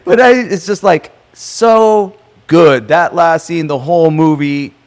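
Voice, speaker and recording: A man co-hosting a podcast who is a lawyer, chatting in a loose, animated way, swearing and laughing often. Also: a little high, takes it slowly. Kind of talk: casual podcast chat.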